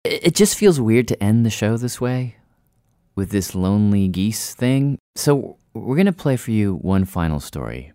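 A man's voice: on the low side, unhurried, dry recording, clean studio sound. A man hosting a radio show, narrating and asking curious questions in a conversational way. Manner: curious, animated interjections.

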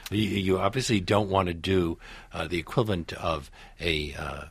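A man hosting an interview, asking measured, inquisitive questions. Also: sits low, fairly even intonation, gravelly, breathy edge, no echo. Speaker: interviewer, radio host.

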